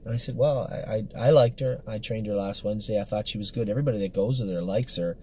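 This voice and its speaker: A man's voice: lowish voice, fast, mellow, a little hiss or hum. A man, a horse trainer, giving a casual, rambling report on the day's training, upbeat and full of fillers and self-corrections.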